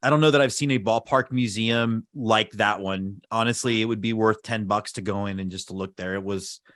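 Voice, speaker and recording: A man's voice: lowish voice, steady tone, a little fast, a bit bright, no echo, studio quality. A man co-hosting a podcast, chatting casually and laughing easily as he reads out award nominees. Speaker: podcast co-host. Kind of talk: casual chat.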